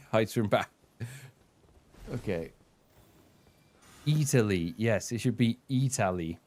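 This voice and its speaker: Man streaming a game, low voice. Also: animated, takes it slowly. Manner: rambling, swears, reacts out loud to the game. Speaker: gaming streamer. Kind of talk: casual live-stream commentary.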